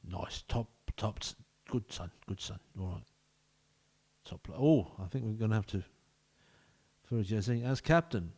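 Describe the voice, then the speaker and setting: A man's voice: on the low side, lively intonation, a little slow, darkish tone. A man giving casual, jokey let's-play commentary as a gaming video host, bantering with the players in the game.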